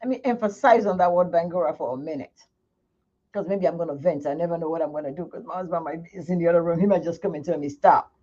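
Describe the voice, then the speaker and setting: A woman's voice: lowish voice, fast, dark tone. A middle-aged woman hosting her own channel from home, venting frankly to her viewers in a casual livestream chat. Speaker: skincare channel host. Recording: muffled lo-fi sound.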